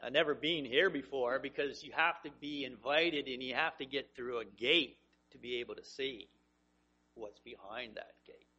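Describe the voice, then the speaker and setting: A man preaching a sermon, telling vivid stories that swing between hushed and emphatic. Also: mid-range voice, moderate pace, breathy edge, muffled recording. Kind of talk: sermon, Bible teaching.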